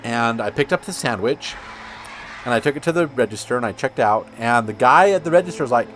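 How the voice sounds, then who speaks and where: A man's voice: medium pitch, animated, normal speed, fairly bright tone. Guy rambling over his gameplay, casual and chatty, faint game music behind. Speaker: gaming channel host.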